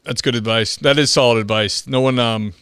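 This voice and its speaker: A man hosting an interview podcast, giving short encouraging reactions and asking relaxed questions. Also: mid-range voice, brisk, smooth, no echo, studio quality. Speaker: podcast host.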